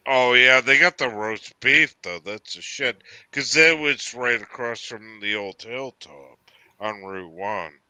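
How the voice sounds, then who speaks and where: A man's voice: medium pitch, takes it slowly, bright, forceful tone, clean tone, no echo. A man from Cape Cod with a Massachusetts accent, rambling and swearing in a casual chat as host, with lots of fillers. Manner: rambling, profane, many fillers.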